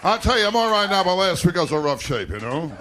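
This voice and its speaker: Man doing stand-up, self-deprecating one-liners, live club, loud crowd laughing, noisy recording. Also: high voice, very animated. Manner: rapid self-deprecating one-liners, punctuated by "I tell you". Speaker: stand-up comedian. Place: comedy nightclub stage. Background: audience laughter and applause.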